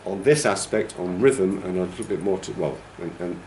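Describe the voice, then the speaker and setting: A male teacher trainer delivers a classroom lecture in a low voice at a moderate pace, sounding a little mellow, explaining patiently and checking in with "okay?". He demonstrates rhythms by humming and counting. The room sounds roomy, with a little hiss or hum.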